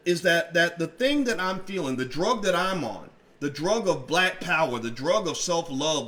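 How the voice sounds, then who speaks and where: A middle-aged man hosting a commentary livestream, fiery and profane, his speech a little slurred from dental work, swinging from loud outbursts to quiet asides. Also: on the high side. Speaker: commentary channel host.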